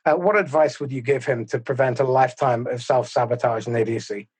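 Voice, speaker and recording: A man hosting a podcast, talking in a measured, thoughtful and slightly formal way. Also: medium pitch, fairly even intonation, a little mellow, husky, rough recording. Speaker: podcast host. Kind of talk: reflective interview talk.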